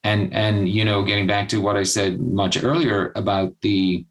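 A man's voice: fairly even intonation, moderate pace, low-quality recording. A man from Southern California speaking candidly as a guest, reflective and thoughtful. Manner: reflective, acts out his own past thoughts in a much higher voice. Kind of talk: candid personal conversation.

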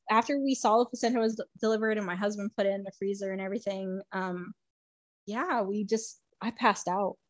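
A woman guest telling a personal story in a casual, chatty way, filled with "like" and frequent laughter, moving between excitement and hushed emotion. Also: medium pitch, dry recording. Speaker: podcast guest.

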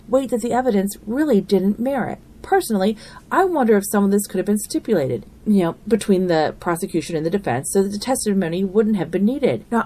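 A woman's voice: mid-range voice, warm tone. A woman hosting a true crime podcast, walking through a trial in an earnest, opinionated, conversational way. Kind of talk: narrated podcast commentary.

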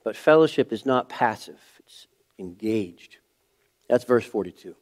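A middle-aged male pastor preaching a sermon in a church. He tells a personal story, moving from hushed, quiet passages to raised, emphatic ones. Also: mid-range voice, lively intonation, fairly quick.

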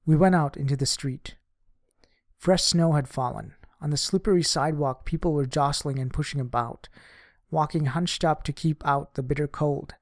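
A man's voice: fairly high pitch, no echo. Man reading a memoir in a dry voice. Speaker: audiobook reader. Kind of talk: scripted narration of a diary memoir.

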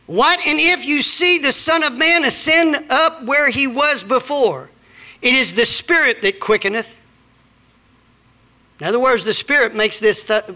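A man's voice: very high voice, sharp tone. A middle-aged man, preaching a sermon with scripture readings and personal stories. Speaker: pastor.

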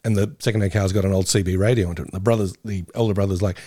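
A man's voice: deep voice, fairly even intonation, rapid-fire, mellow, no echo, clean studio sound. A middle-aged man co-hosting a podcast, rambling in a nostalgic, enthusiastic way with giggles. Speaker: podcast co-host. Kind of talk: casual chat.

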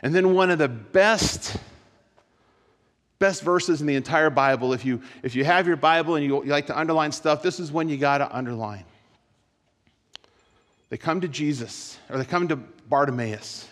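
A man giving a sermon-style talk to students, telling a story with lots of repetition and shifting between loud and hushed delivery. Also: fairly high pitch, in a large hall. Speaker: speaker at a school gathering.

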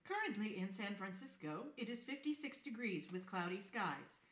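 Woman voicing a calm AI home assistant. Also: mid-range voice, moderate pace, echoey room, recorded from a distance. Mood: polite. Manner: competent, friendly, slightly mechanical. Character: female AI home assistant device, calm and assertive. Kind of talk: amateur play reading.

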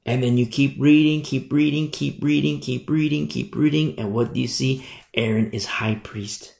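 A male preacher with a gravelly, rough edge to his voice, teaching scripture with emphatic, rhetorical punch. His voice rings out in an echoey room, and his pitch sits in a middling range for a man. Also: fairly even intonation, moderate pace, darkish tone. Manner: emphatic, rhetorical, repeats "you see?". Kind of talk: sermon, Bible teaching.

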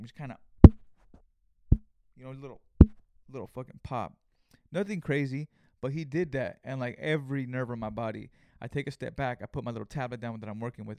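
Young male podcast host, loose profane storyteller, mid pitch, dry close sound. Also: dry recording. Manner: profane, animated retelling with acted-out quotes. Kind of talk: casual storytelling monologue.

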